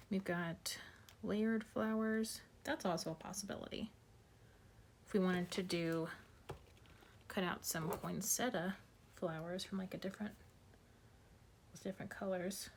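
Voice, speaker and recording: A woman streaming her card making from home, thinking aloud and muttering softly to herself as she sorts through supplies. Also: mid-range voice, vocal fry, slight background noise. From United States. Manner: muttering to herself while sorting supplies, soft asides. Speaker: craft streamer. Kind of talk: casual craft livestream chat.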